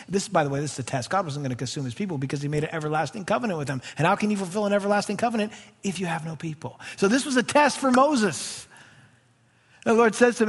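A man preaching a sermon, reading scripture aloud and breaking into animated, chatty asides. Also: high voice, fast talker, breathy edge. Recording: reverberant hall.

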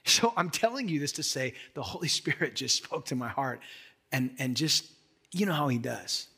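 A man's voice: mid-range voice, animated, moderate pace, pushed and bright, husky. A man pastor delivering a sermon in an emphatic, conversational way, addressing the listeners with direct questions.

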